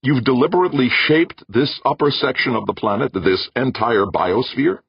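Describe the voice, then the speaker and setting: A suspicious, confrontational scientist, as a man puts him on, presses hard with incredulous demands. His voice is pushed high and loud above the reader's own, with a husky edge. The recording is dull and lo-fi. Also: moderate pace, no echo. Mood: incredulous, demanding.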